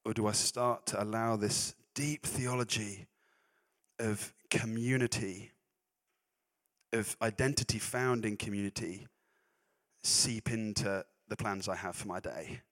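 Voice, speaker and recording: A man's voice: fairly low pitch, a little slow, a bit bright. A man preaching a sermon, chatty and self-deprecating, breaking off into laughing asides. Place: church hall. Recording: echoey hall reverb.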